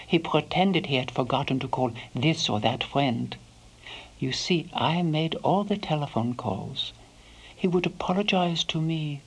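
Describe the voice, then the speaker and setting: A woman playing a devoted elderly housekeeper, recalling her employer in a soft first-person monologue that sometimes sinks to a whisper. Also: deep voice, slightly rough, low-quality recording. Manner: soft-spoken, slips into hushed whispers.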